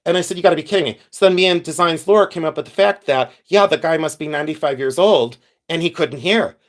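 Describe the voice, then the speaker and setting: A man's voice: fairly high pitch, a little fast. A man hosting a casual live stream, telling stories and answering viewers' comments by name. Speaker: livestream host.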